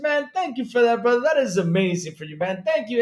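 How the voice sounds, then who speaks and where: A man hosting a live-stream gaming podcast, loud and excitable, swearing often. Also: extremely high pitch, moderate pace, few pauses. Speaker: podcast host. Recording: roomy echo.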